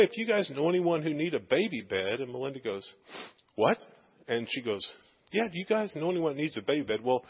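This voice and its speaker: Guy preaching a story, kinda husky, echoey church hall, lo-fi sound. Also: medium pitch. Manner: animated anecdotal, many fillers. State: tearful. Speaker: preacher sharing a testimony. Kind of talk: sermon storytelling. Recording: dull sound in a reverberant hall.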